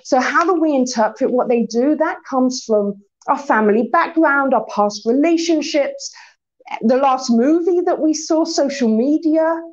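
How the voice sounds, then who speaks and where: Woman, Torah teacher, fairly high voice, lively and expressive, acts out scenes, slightly muffled recording. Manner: lively teacher, spells out acronyms, acts out quoted exchanges. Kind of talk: recorded talk to an unseen audience.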